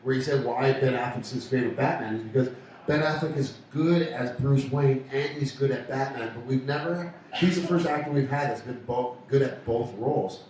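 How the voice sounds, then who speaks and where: A man's voice: mid-range voice, normal speed, a little mellow. A man hosting a radio show with casual, rambling, joking banter from a pub. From Canada. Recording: echoey pub from far off.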